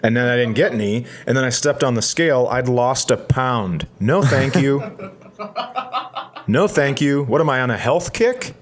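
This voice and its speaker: A man co-hosting a podcast, telling a rambling comic story with self-mocking asides and deadpan punchlines. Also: mid-range voice, normal speed.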